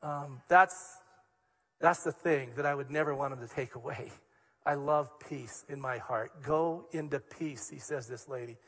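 A man's voice: medium pitch, steady tone, moderate pace, a bit bright, breathy edge, in a large hall. A man preaching a sermon as a pastor, earnest and emphatic, repeating key words for weight. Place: church hall.

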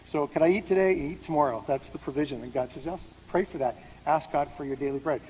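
A man's voice: fairly high pitch, quick pace, darkish tone. Conversational male pastor in a reverberant hall. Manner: conversational, asks the room questions. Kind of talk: sermon. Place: large hall with an audience. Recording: hall reverb with faint background noise.

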